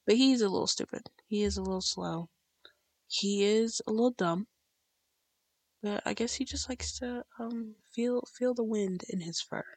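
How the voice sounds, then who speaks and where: Young woman vlogger, husky and gravelly, chatty rambler. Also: mid-range voice, no echo. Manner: rambling, chatty, with many fillers and restarts. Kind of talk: casual chat to camera.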